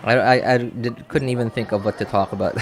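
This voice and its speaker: A man's voice: mid-range voice, fairly even intonation, brisk, darkish tone, soft background music. A man streaming a game and chatting casually, rambling and laughing at himself. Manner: rambling, self-mocking, laughs often. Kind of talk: casual live-stream chat.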